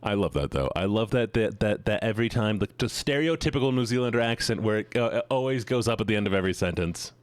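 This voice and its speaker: A man's voice: lowish voice, animated, quick pace, hardly any pauses, no echo. Rambling, joking male streamer. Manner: rambling, joking, easily sidetracked. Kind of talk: casual chat with stream chat.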